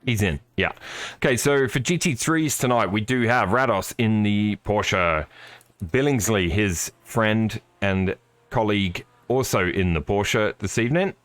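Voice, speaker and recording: A man's voice: fairly low pitch, unhurried, a bit bright, no room sound. A man commentating live on a sim race, chatty and upbeat, greeting viewers by name.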